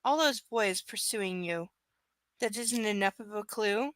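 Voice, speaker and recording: A woman's voice: mid-range voice, a little slow, a bit bright, dry recording, lightly acted. A woman voicing an intense, jealous young man in a romance novel, speaking insistently. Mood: brooding.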